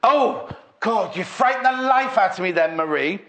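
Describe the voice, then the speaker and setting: A man's voice: sits high, lively intonation, moderate pace, sharp tone, a little hiss or hum. A man from Northwest England hosting a live sewing shopping show, chatty and teasing as he reads out viewer messages. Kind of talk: live studio chat.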